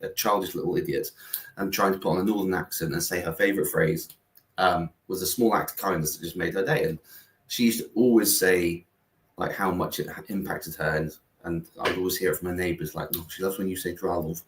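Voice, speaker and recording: A man's voice: deep voice, fairly even intonation, fairly quick. A middle-aged man, a guest founder, talking in a rambling, earnest way full of fillers and restarts. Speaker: guest, founder of a kindness platform. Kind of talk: casual conversation. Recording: roomy, distant mic.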